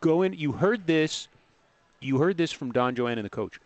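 A middle-aged man from Canada hosting a radio sports show, bantering and teasing in a jokey, animated way. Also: fairly high pitch, normal speed, no room sound.

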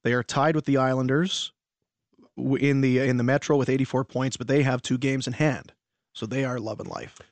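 Male sports radio host, mid-range, slightly hoarse, dry booth, quick stat recaps. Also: medium pitch, fairly even intonation, dry recording. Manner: chatty, rattles off scores and stats. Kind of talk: casual radio banter and hockey recap.

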